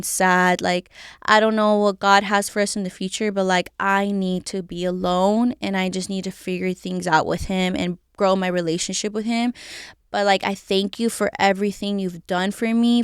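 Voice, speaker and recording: A woman's voice: mid-range voice, smooth, no echo, studio quality. A woman telling her faith testimony as a podcast guest, in a candid and emotional way, full of "like" fillers. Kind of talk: casual personal testimony.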